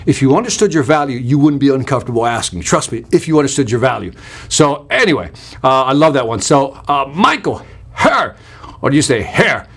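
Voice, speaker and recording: Here a sales trainer hosting a live online workshop speaks a little fast, with a medium pitch and a breathy edge. He delivers energetic, emphatic points with punchy repetition and reads out viewer comments as he goes.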